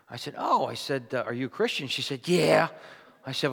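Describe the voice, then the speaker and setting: A man in his fifties preaches a sermon in an easygoing, anecdotal way, then pushes hard into loud, emphatic peaks. His voice sits a little high for a man. A long reverb from the hall trails behind every phrase. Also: big pitch swings, a little fast, vocal fry. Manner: conversational storytelling, rising to loud emphatic peaks.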